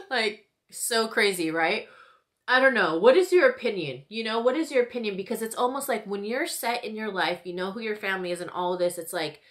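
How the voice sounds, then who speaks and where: A woman in her thirties chatting casually to camera while doing her makeup, full of "like" and "you know" and quick laughs. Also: mid-range voice, animated, fairly bright tone. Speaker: beauty vlogger. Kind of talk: casual get-ready-with-me chat.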